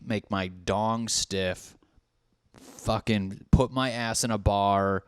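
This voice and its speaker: A man's voice: lowish voice, steady tone, slow, smooth, no echo, studio quality. A man in his thirties hosting a podcast as a casual, comedic solo monologue. He rambles and swears freely as he riffs on party scenarios. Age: 30s. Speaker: podcast host.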